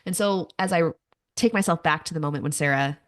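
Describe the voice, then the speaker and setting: A woman's voice: low voice, a little fast. A woman in her thirties hosting a podcast, telling personal stories candidly with self-mocking asides. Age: 30s. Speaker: podcast host. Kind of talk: personal monologue.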